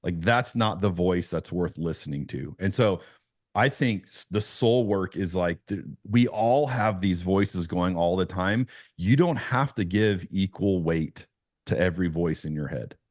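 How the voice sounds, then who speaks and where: A man with a very low voice, talking as a pastor on a podcast. He tells his story earnestly, often restarting his phrases. The sound is dry and close. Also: expressive, unhurried, no echo. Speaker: pastor, guest. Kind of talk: conversational podcast interview.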